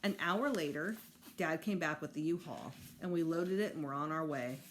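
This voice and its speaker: A woman teacher reading a children's chapter book aloud with expressive narration. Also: deep voice, moderate pace, slight background noise. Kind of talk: storybook read-aloud.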